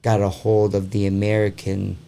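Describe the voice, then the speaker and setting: A man hosting a casual podcast, his voice gravelly with a dark, mellow tone. He rambles through his points with a steady stream of "like" and "you know," and swears freely. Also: fairly low pitch, moderate pace, a little hiss or hum. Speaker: podcast host.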